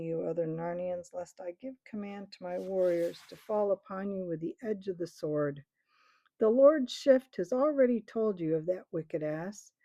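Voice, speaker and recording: A woman's voice: mid-range voice, mellow, no echo. A woman voicing a harsh, commanding male captain who thunders threats at a crowd in a storybook reading. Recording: dull lo-fi recording.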